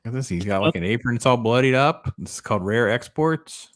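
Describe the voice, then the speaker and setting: A man hosting a casual movie review chat, rambling and animated, often trailing off and restarting. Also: medium pitch, fairly quick. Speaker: podcast host.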